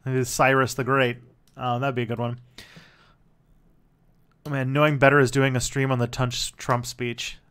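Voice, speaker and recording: A man's voice: mid-range voice, flat delivery, normal speed, pauses often, fairly bright tone, clean tone. A man hosting a casual livestream, commenting on his own old videos in a loose, rambling way. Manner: rambling, with many fillers and restarts. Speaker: channel host.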